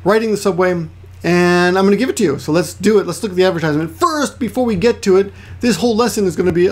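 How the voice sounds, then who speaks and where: A man's voice: high voice, fast talker. A man giving a chatty, rambling language lesson, often restarting and adding asides. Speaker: Japanese language teacher. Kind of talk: casual explanatory lesson.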